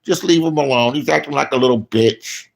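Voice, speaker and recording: A man putting on a dismissive, scolding mother who talks slowly and with scorn. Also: mid-range voice, creaky, lightly acted. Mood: scornful.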